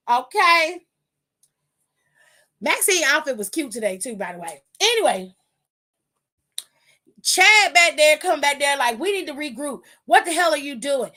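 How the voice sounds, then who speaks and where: Sassy high-voiced woman podcast host. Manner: animated, blunt and profane, sassy asides. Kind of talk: casual wrestling recap.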